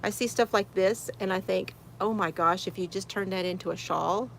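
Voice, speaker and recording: A woman's voice: mid-range voice, moderate pace, gravelly, a little hiss or hum. A woman hosting a casual crochet livestream from her she shed, greeting viewers by name, reading chat comments aloud and laughing often. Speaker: crochet channel host.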